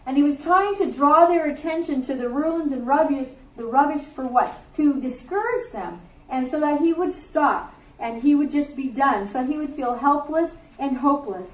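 High-voiced woman preaching in an echoey room. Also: lively intonation, normal speed, distant mic. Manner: conversational and earnest, with asides. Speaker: Bible teacher. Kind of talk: sermon. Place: warm room with a group.

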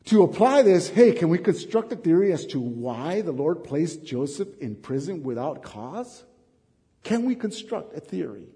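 A man giving a classroom lecture to teachers, animated and asking the class many questions. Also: on the high side, in a large hall. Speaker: teacher trainer.

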